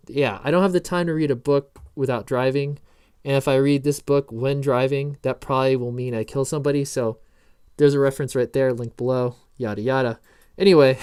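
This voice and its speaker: A man's voice: mid-range voice, steady tone, moderate pace, a little mellow, smooth. A man hosting a casual coding tutorial, rambling through notes with jokey asides and frequent self-interruptions. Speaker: programming tutorial host. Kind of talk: casual screen-recorded coding lesson.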